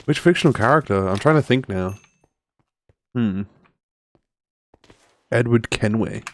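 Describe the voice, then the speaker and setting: A man's voice: fairly low pitch, animated, a little slow. A man in his twenties streaming a game, chatting casually, laughing often and rambling with lots of fillers. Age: 20s. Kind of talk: casual live-stream chat.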